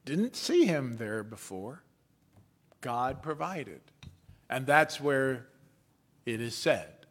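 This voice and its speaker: A man preaching a sermon as a pastor, with a measured storytelling delivery and playful asides. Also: mid-range voice, very animated.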